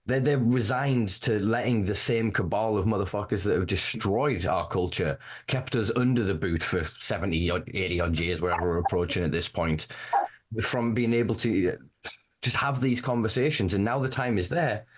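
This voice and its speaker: A man's voice: on the low side, moderate pace. A man with a Northern English accent, talking in a casual podcast chat with passionate, profane ranting. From Northern England. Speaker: podcast correspondent.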